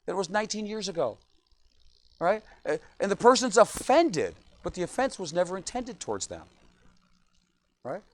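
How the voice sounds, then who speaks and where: A man's voice: high voice, normal speed, long pauses. A man, a pastor, preaching an evening sermon and acting out churchgoers' lines in little voices. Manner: animated, acts out quoted churchgoers in voices.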